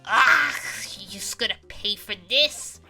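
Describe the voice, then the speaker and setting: A woman puts on a brash male con man with a put-on Brooklyn accent, all bluster and threats. The voice sits high and bright. It swings wildly in pitch and runs loud. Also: slow, creaky, faint music behind, exaggerated voice. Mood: threatening.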